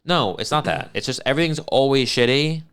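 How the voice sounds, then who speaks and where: A man's voice: medium pitch, a little fast, fairly bright tone, clean tone. A man co-hosting a podcast in casual banter, sarcastic and teasing, swearing freely. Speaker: podcast co-host.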